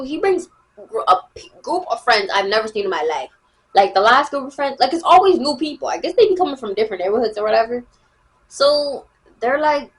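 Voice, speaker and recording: Animated teenage girl telling a story. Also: fairly high pitch. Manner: animated, slangy, repeats herself, acts out quotes. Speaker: storyteller vlogger. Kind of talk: casual storytime chat.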